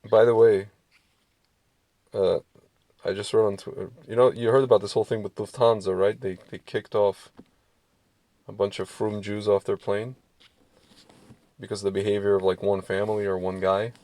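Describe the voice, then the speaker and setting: A man's voice: on the low side, little pitch movement, normal speed, long pauses, warm tone. Rambling man in casual podcast chat. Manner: rambling, lots of fillers and restarts; does mocking voices when quoting people. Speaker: podcast co-host.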